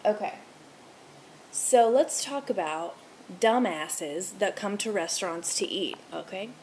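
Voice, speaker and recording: Sitting in a room at home with the TV on, a twenty-something restaurant server chats to camera, rambling, swearing freely and ranting heatedly. Her mid-range voice moves slowly with a darkish tone, and there's a little hiss or hum.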